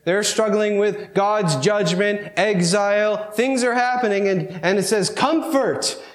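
A man preaching a sermon, reading scripture slowly and with emphasis, then explaining it with wry asides. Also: high voice, echoey room. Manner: reads scripture slowly and emphatically, with mock self-important asides.

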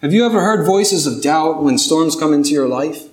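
A man's voice: fairly high pitch, expressive, moderate pace. A man preaching a sermon, earnest and building to pleading intensity. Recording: echoey room.

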